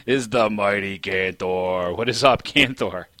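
A man's voice: lowish voice, unhurried, dry recording. A man hosting a casual podcast chat, joking around and laughing often. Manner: jokey, laughs often, animated. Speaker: podcast host.

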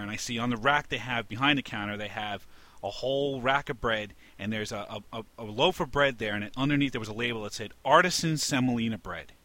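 A podcast co-host from New York with a New York accent, going on an exasperated comic rant. His voice is bright and forward. The recording is dry and close. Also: medium pitch, no echo. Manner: exasperated, ranting, rising to indignant shouts. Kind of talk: comedic rant.

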